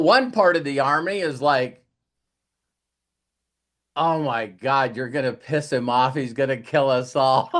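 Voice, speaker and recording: Guy giving a slow motivational talk, kinda high voice, rambles through stories and acts out the quotes. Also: fairly bright tone. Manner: rambling storyteller who acts out quoted lines. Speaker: coach.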